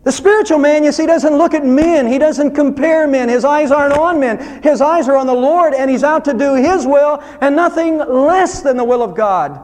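A man preaching a sermon as pastor, earnest, rising to loud emphasis and dropping to soft low asides. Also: normal speed, hardly any pauses, long reverb tail.

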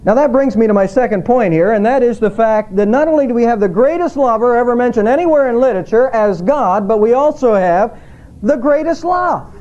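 Middle-aged pastor guy preaching, high-ish voice, slow on the verses, kinda muffled church tape. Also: expressive, darkish tone. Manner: measured preaching, slows on scripture quotes. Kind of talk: sermon.

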